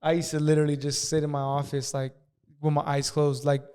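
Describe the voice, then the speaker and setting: A man casually telling a profane story as a podcast guest, talking fast and acting out the people in it. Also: on the high side, little pitch movement, a little mellow, clear, resonant tone. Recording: long hall reverb.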